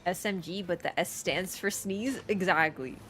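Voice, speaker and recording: A woman streamer chatting casually while she plays, rambling with lots of fillers and quick laughs. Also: fairly low pitch, fairly bright tone, faint music behind. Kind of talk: casual live-stream chat while gaming.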